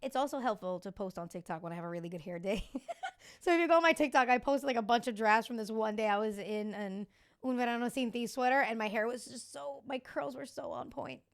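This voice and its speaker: A woman with a voice on the high side talks a little fast. In her thirties, she hosts a podcast, chatting casually and candidly in a confiding tone with the odd swear word.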